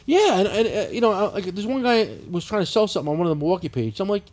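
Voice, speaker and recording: Husky, animated New man. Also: high-pitched, rapid-fire. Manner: profane, animated storytelling with laughter. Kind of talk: casual podcast chat.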